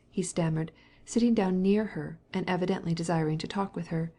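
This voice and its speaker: Mellow, low-voiced woman narrating a novel. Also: creaky. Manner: calm, measured reading. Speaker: audiobook narrator. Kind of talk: audiobook narration.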